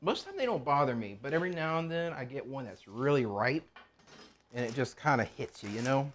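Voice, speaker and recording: A man's voice: medium pitch, expressive, a little fast, a bit bright. A man hosting a casual cooking vlog, rambling and joking to himself and viewers as he chops in a home kitchen. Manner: rambling, joking, talks to himself while chopping. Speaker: cooking channel host.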